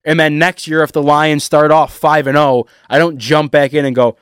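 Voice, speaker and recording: A man delivering a heated, emotional sports rant to his viewers, animated and sarcastic. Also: a little high, moderate pace, clear, resonant tone, no echo, studio quality. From Detroit area. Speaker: sports fan vlogger. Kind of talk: ranting sports commentary.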